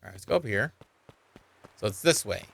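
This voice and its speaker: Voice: mid-range voice, lively intonation, brisk, vocal fry, breathy edge. Streamer chatting through a game. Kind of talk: casual let's-play commentary.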